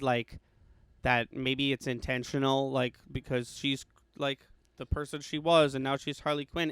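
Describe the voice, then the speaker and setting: A man's voice: on the high side, a bit bright, clear, resonant tone, no echo. A man co-hosting a podcast, chatting casually about a movie and rambling with many restarts and fillers. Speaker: podcast co-host.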